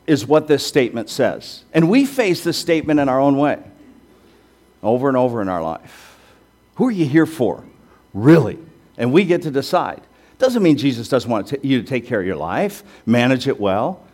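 A man's voice: mid-range voice, very animated, moderate pace, a little mellow. Male pastor delivering a sermon: chatty and emphatic, with self-deprecating humor, in a mid-range voice. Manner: conversational, self-deprecating asides, emphatic rhetorical questions.

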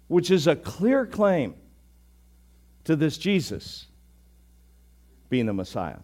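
Animated preacher with a lively voice. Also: male voice, on the high side, takes it slowly, long pauses. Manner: conversational, animated, sudden bursts of emphasis. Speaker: pastor. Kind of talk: sermon.

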